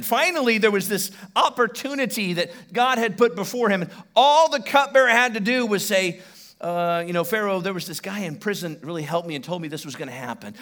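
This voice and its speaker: A middle-aged man preaching a sermon on a church stage, telling stories animatedly and swinging between loud bursts and hushed asides. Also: sits high, lively intonation, brisk. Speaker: pastor. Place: church stage before a congregation.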